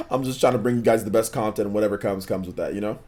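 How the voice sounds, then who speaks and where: His lowish voice is a little mellow. As host of a gaming livestream, he chats casually with viewers, slangy and relaxed, often repeating himself in his answers.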